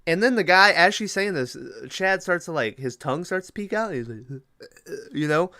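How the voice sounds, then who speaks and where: A man's voice: on the high side, animated, normal speed, bright, forceful tone, dry recording, clean studio sound. A man hosting a podcast, casually retelling a movie plot in a rambling, profane way with lots of fillers. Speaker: podcast host.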